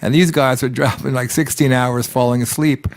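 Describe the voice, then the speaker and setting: A man chats on a radio show as a musician guest. He tells road stories in a relaxed way, chuckling as he goes. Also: mid-range voice, moderate pace. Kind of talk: casual anecdote chat.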